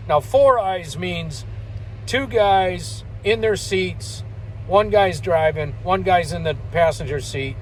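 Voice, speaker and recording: A man's voice: sits high, takes it slowly, a little hiss or hum, low-quality recording. Folksy older man spinning yarns. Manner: folksy, rambling, chuckles between remarks. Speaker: truck driver telling stories. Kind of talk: casual spoken storytelling.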